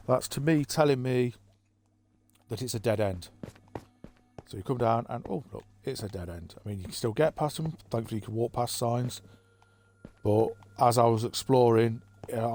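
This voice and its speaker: A man giving a relaxed, rambling tour of his game map, thinking aloud with plenty of fillers. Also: mid-range voice. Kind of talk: casual gameplay commentary. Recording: faint background music.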